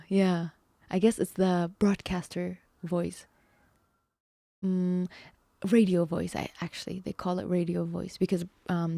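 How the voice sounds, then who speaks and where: Creaky, mellow-voiced woman livestreamer. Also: lowish voice, dry recording. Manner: thinks aloud with fillers and small laughs. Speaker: livestreamer learning math. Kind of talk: casual chat reacting to a video.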